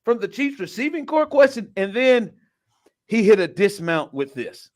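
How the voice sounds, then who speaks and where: A man hosting a casual sports talk show, animated and incredulous, laughing often and packing his talk with fillers. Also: sits high, moderate pace, noisy background. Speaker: podcast host.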